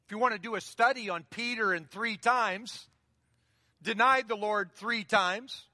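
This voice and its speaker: A man's voice: high-pitched, sharp tone, studio quality. A man preaching a sermon as pastor, in a conversational style that keeps repeating key phrases, heard in a church sanctuary. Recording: long reverb of a large hall.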